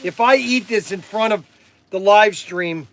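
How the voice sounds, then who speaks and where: A middle-aged man hosting a casual live-stream food tasting, playful and quick to laugh and exclaim. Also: high-pitched, a bit bright, slight background noise. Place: his shop.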